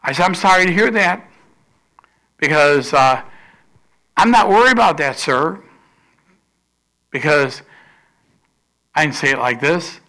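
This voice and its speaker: Man, pastor, preaching: unhurried, slightly higher voice, dramatic swings in volume. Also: expressive. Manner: emphatic preaching with sudden loud rises and soft drops; acts out quoted voices in storytelling. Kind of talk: sermon.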